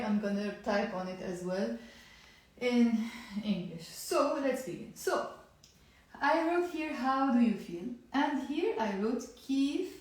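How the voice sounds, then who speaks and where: A woman from Lebanon with a Lebanese accent, teaching a live online language lesson with energetic, coaxing repetition. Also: sits high. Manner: energetic, coaxing, repeats words for emphasis. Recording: very echoey room.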